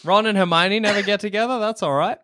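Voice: mid-range voice, quick pace, a bit bright. Playful speaker. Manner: joking, playful, adds punchlines. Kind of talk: casual comedic chat.

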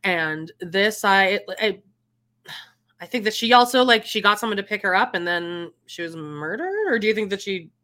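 Woman, podcast co-host, casual chat, bright tone, rambling, laughs a lot. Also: mid-range voice, lively intonation, moderate pace. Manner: chatty, rambling, laughs often.

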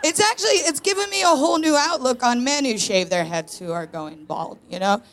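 A woman's voice: high voice, a little fast, a little hiss or hum. Chatty woman in her thirties doing stand-up. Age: 30s. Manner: chatty, self-deprecating, animated storytelling. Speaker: stand-up comedian guest. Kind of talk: live stand-up set. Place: stage in a tent venue before a live audience.

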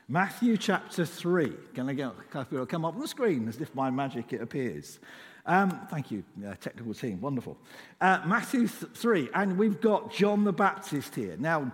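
Male preacher, animated and slightly high-pitched delivery, informal sermon, long church-hall reverb. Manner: informal, conversational, with emphatic rises on key lines.

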